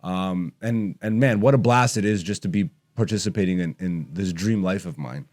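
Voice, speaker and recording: A man's voice: low-pitched, moderate pace, a little mellow. Thirties guy, comedian podcaster, swearing a lot and ranting with strong opinions. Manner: blunt, profane, opinionated ranting. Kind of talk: casual ranting commentary while gaming.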